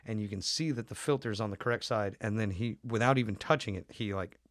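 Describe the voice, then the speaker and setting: A man's voice: on the low side, quick pace, no echo, clean studio sound. A young man telling loose, profane stories in a casual podcast chat, full of "um" and "like". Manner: loose, profane storytelling with lots of fillers.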